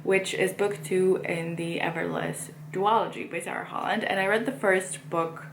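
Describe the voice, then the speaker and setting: A woman's voice: lowish voice, fairly even intonation, moderate pace, echoey room, slight background noise. A woman chatting casually about books she read and plans to read, rambling with frequent fillers. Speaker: book vlogger. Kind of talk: casual book chat.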